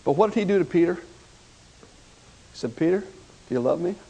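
Preacher, male, high-pitched, dramatic sermon delivery that swings from loud to hushed. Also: brisk, vocal fry, breathy edge, muffled recording. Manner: animated storytelling, voicing the people of the story with swings from loud to hushed.

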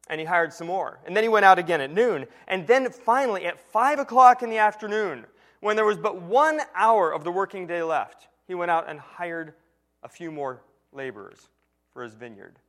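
A man preaching a sermon in an earnest teaching tone, slowing and dropping quiet to stress key lines. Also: high voice.

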